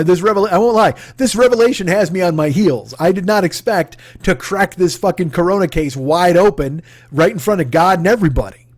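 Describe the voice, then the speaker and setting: A man's voice: fairly high pitch, no echo. A man hosting a comedy podcast, rambling profanely through a jokey sponsor plug and drifting into silly tangents. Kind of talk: rambling comic sponsor read.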